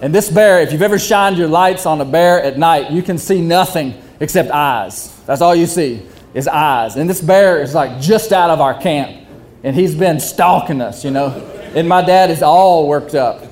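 A young man telling a hunting story, animated and often laughing while he talks. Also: on the high side, normal speed, slight background noise. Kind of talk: casual storytelling.

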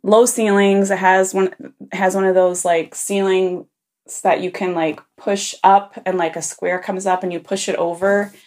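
A woman's voice: medium pitch, flat delivery, a little slow, darkish tone. A woman who is a parent leaves a rambling message for a podcast, telling a funny story with many ums and chuckles. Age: adult parent. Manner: rambling, full of ums and self-corrections. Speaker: listener leaving a message for a podcast. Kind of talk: casual anecdote.

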